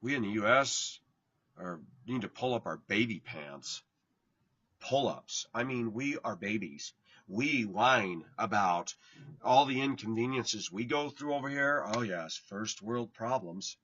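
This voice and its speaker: A man giving a blunt, informal sermon to his online viewers, tired and yawning, his voice swinging from loud to hushed. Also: on the low side, expressive, a little slow, breathy edge, no room sound, dull audio. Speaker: online preacher.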